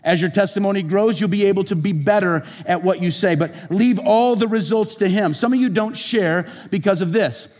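A middle-aged male pastor preaching a sermon in a conversational, storytelling way, his pitch rising when he gets emphatic. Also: normal speed, few pauses, darkish tone. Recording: long reverb of a large church hall.

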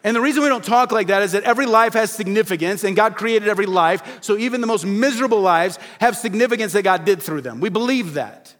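A male pastor preaching a sermon in an earnest, direct way, asking rhetorical questions and slowing to a quiet stress on key phrases. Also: sits high, lively intonation.

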